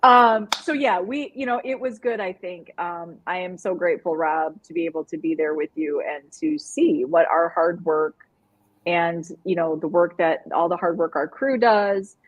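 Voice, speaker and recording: A woman's voice: fairly low pitch, animated, normal speed, highs cut off. A woman co-hosting a live online show, chatting casually and animatedly, often laughing and rambling. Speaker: co-host. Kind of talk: casual live-stream chat.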